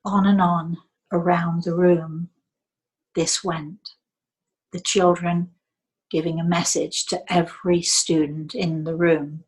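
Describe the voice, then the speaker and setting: An older woman from England, a psychic medium telling a story in a soft, slow way that dips into near whispers. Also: fairly low pitch, level tone, slightly rough, low-quality recording.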